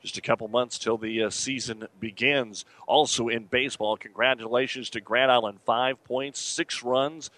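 A man hosting sports radio, reading scores and news in a steady, matter-of-fact way with fillers. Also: mid-range voice, moderate pace, hardly any pauses, no room sound.

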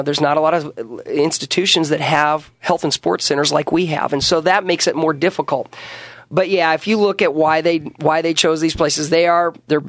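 A middle-aged wrestling coach talks in a rambling, earnest way, circling back and repeating himself. His voice sits a little high. The studio mic is close and dry. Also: fairly bright tone, no room sound. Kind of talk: casual radio interview. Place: radio studio.

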